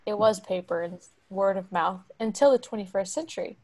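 A woman's voice: medium pitch, fairly quick, darkish tone. Chatty young woman storyteller. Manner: chatty, acts out quoted voices. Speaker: podcast co-host. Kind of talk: casual podcast storytelling.

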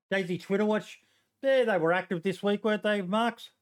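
A man with an Australian accent hosting a casual podcast chat, hesitant with lots of ums and joking. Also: sits high. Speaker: podcast host.

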